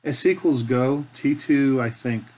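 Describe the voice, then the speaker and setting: A man's voice: medium pitch, a little slow, a little mellow. A middle-aged man from Canada hosting a live stream, chatting casually and joking with himself as he builds. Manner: joking, talks to himself as he works. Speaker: live-stream host building a toy kit. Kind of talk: casual chat while building.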